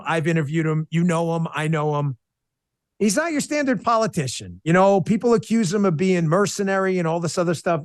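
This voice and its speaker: A man with a fairly high voice speaks as an interview guest, recorded dry and close. He tells his story with feeling, breaking off and restarting his sentences. He turns blunt and combative when he argues. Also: no echo. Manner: emotional, animated storytelling with restarts. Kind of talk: podcast interview.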